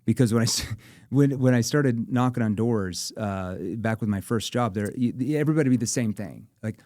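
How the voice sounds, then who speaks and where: A man's voice: mid-range voice, normal speed, darkish tone, no echo. Man teaching sales tones, dry close sound. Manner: demonstrative, acts out tones of voice. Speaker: sales trainer guest. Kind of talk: animated instructional chat.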